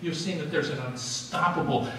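A man preaches to his congregation in an easygoing, storytelling way, often restarting his sentences. His voice sits a bit high for a man. The sound is echoey and distant, as in a large church hall with faint background noise. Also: normal speed. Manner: conversational, animated storytelling with repeated restarts. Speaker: pastor. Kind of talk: sermon. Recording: echoey hall recording from far off.

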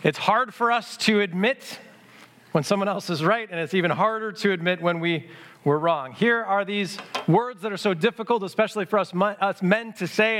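High-voiced man preaching conversationally. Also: a bit bright. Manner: conversational preaching with acted quotes and audience prompts. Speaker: pastor. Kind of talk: sermon.

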